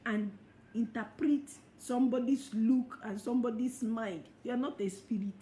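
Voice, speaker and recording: A middle-aged woman giving a motivational talk as a life coach, expressive and laughing often as she acts out quoted thoughts. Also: a little high, normal speed. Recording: echoey room with faint noise.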